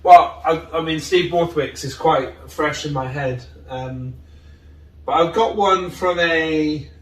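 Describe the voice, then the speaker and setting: A man talking as a guest in a casual interview, earnest and open, and he rambles a little when he gets excited. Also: on the high side, takes it slowly. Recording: roomy, distant mic.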